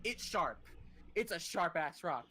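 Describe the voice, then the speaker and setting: A young adult podcast host casually telling a long personal story, animated and swearing freely. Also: medium pitch, measured pace, a little hiss or hum.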